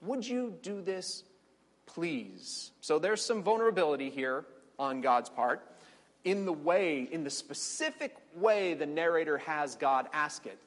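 Guy teaching a bible study, talks casual with lots of ums and little quoted bits, voice a bit high and echoing round a big hall. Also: animated. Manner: chatty, with fillers and quick quoted asides. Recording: long reverberant hall.

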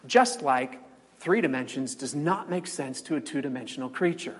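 A man preaching a sermon, animated, repeating words and asking rhetorical questions, in a church sanctuary. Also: medium pitch, moderate pace, breathy edge. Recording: long hall reverb.

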